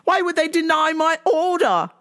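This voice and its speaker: Brief: a woman doing a fussy, grand older mother, pitched way up, swooping. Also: very animated, normal speed, fairly bright tone, full character voice. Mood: fussy, dramatic.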